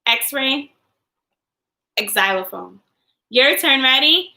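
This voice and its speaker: A young woman teaching a young class online, singing and chanting phonics in a cheerful sing-song voice with drawn-out words. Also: fairly high pitch, vocal fry, bright, forceful tone, low-quality recording. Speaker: kindergarten teacher.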